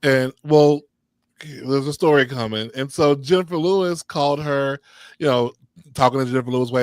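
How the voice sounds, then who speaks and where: A man's voice: fairly high pitch, fairly quick, no room sound, studio quality. A man hosting a casual live chat, telling stories in a rambling, laid-back way. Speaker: host.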